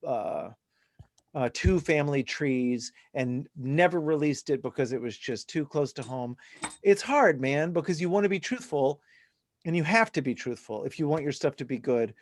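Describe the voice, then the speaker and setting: A middle-aged man teaching a songwriting workshop online, talking in an animated, chatty, self-deprecating way. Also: on the high side, dry recording, clean studio sound. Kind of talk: casual online workshop talk.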